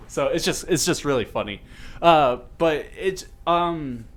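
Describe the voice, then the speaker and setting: A man's voice: on the high side, lively intonation, a little slow, fairly bright tone. Male podcast host, casual rambling delivery, full of fillers. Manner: rambling, lots of fillers and restarts. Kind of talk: casual chat about a movie.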